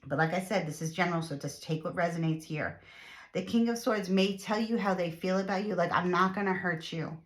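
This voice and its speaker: A woman's voice: fairly low pitch, fairly even intonation, a little fast. A woman chatting through a casual tarot reading to her viewers, repeating herself and using lots of fillers. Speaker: tarot reader.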